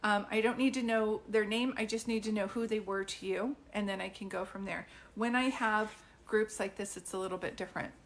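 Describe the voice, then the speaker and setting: A woman doing live psychic readings for viewers, chatty and informal, filling pauses with ums and calling people sweetie. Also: medium pitch, steady tone, a little hiss or hum. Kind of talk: livestream chat with viewers.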